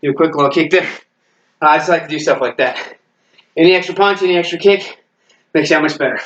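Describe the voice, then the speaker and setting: A man's voice: on the high side, a little fast, a bit bright, dull audio, a little hiss or hum. A man teaching a martial arts workout while doing it himself, counting reps aloud, making punching sounds and catching his breath. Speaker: martial arts fitness instructor. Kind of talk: workout instruction while exercising.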